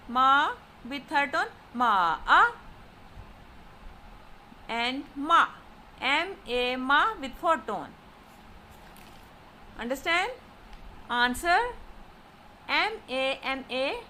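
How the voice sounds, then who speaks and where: A woman giving a slow lesson as a language teacher, saying example syllables one by one with exaggerated rises and falls. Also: high voice, sharp tone, slight background noise. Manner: deliberate, repeats example syllables with exaggerated tones. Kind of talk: slow explanatory lesson narration.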